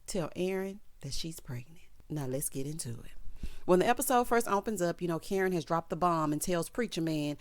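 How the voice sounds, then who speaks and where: A woman vlogger who recaps a TV episode in casual commentary, sassy and animated, often talking straight to the characters. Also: fairly low pitch, normal speed.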